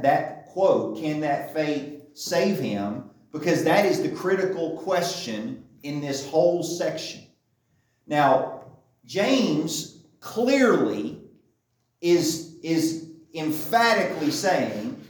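A man preaches in a relaxed, conversational way, pausing often to check that his listeners follow. His voice sits a little high. He is picked up from across a strongly reverberant church room. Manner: conversational teaching, frequent checking "okay?". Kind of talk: sermon. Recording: very echoey room, distant mic.

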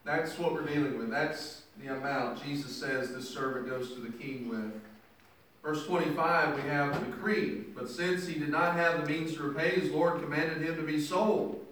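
A man's voice: on the high side, steady tone, moderate pace, fairly bright tone, slight background noise. A man preaching a sermon, reading scripture verses and then explaining them in his own words with emphasis. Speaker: pastor. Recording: echoey room picked up from a distance.

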